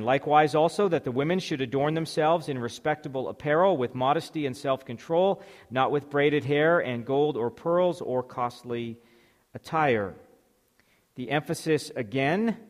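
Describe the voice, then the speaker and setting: A man giving a sermon. He reads scripture aloud and then explains it step by step, with some fillers and restarts. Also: mid-range voice. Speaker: preacher. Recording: long hall reverb.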